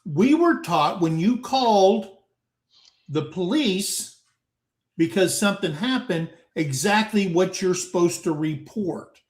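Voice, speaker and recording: Slow folksy older man, roomy sound. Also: sits high, lively intonation. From United States. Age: 60s. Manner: folksy storyteller, addresses listeners as guys. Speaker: talk show host. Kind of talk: casual panel chat, storytelling. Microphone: video call. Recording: roomy echoing room.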